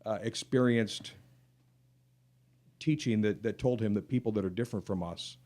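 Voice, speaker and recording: A man's voice: lowish voice, moderate pace, dark tone. A middle-aged man co-hosting a podcast, talking in an earnest, affectionate way and laughing easily. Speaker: podcast co-host. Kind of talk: casual podcast chat.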